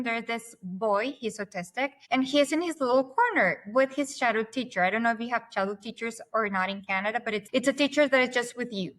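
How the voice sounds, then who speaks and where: A woman, a podcast guest who talks fast and at length in animated conversation. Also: fairly high pitch.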